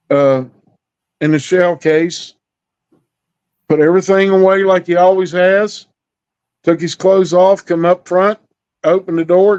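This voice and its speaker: A man's voice: high-pitched, a little mellow, clear, resonant tone. A middle-aged man telling a story in a folksy, drawling way, acting out the dialogue. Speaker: storyteller guest. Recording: dull lo-fi recording.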